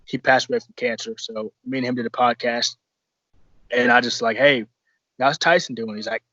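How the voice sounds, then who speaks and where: A man's voice: mid-range voice, little pitch movement, a little fast, bright, forceful tone, dry recording. A man, a pro wrestler, telling stories as a podcast guest in a rambling, profane way, with a lot of restarts. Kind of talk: casual podcast storytelling. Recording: dull lo-fi dry sound.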